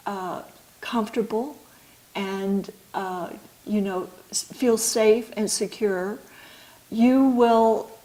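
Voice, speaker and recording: A middle-aged woman, an author and midwife, explaining her ideas slowly and thoughtfully in an interview. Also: medium pitch, darkish tone, low-quality recording.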